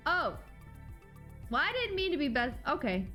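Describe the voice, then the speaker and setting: A woman streaming a game live, reading its story aloud and reacting in an expressive, dramatic way, from loud outbursts to low mumbles. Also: moderate pace, over music.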